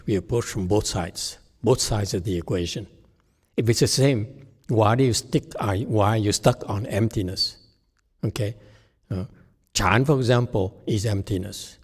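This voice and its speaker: A man teaching a Buddhist lecture, halting with frequent restarts and rhetorical "okay?" checks. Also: fairly low pitch, a little mellow. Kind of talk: Dharma lecture answering questions. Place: temple lecture hall. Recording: long hall reverb.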